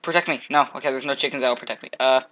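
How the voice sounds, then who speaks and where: A young man giving casual, jokey commentary while playing a game, trash-talking monsters with sudden loud outbursts. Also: mid-range voice, fairly even intonation, very fast, lo-fi sound. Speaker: gameplay commentator.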